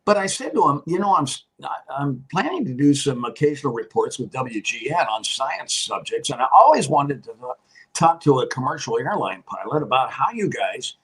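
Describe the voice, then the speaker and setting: Older man, husky, lively storyteller. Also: medium pitch, moderate pace, poor audio. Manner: rambling anecdotal storyteller, laughs often. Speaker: guest, retired TV meteorologist. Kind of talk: casual storytelling chat.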